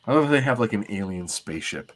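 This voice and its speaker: A man chatting casually as co-host of a comic reading stream. He has a lower voice, talks in a relaxed way and breaks into laughter easily. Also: fast.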